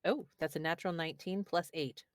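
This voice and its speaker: A woman playing a tabletop game online, describing her character's actions in a lively way. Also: deep voice, a little fast, no room sound, clean studio sound. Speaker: player.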